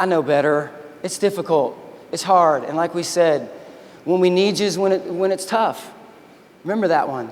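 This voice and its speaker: A man with a high-pitched voice delivers a motivational keynote in a folksy, story-driven way. He acts out dialogue as he goes. His voice rings out with the long reverb of a large convention hall. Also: a little hiss or hum. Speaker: keynote speaker and army veteran.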